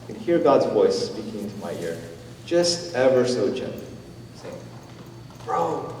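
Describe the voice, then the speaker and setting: Male pastor, low and mellow, easygoing sermon delivery, miked from afar in a roomy church hall. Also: sing-song, moderate pace, recorded from a distance, slight background noise. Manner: conversational, gentle preaching with fillers. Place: church sanctuary.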